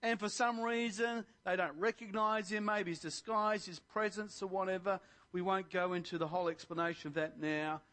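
Very high-pitched, bright preaching man. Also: flat delivery, normal speed. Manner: impassioned, rising to emphatic proclamations. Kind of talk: sermon.

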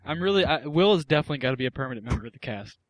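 A man's voice: medium pitch, expressive, rapid-fire, dry recording. A man hosting a comedy podcast in casual chat, rowdy and often laughing. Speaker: podcast host.

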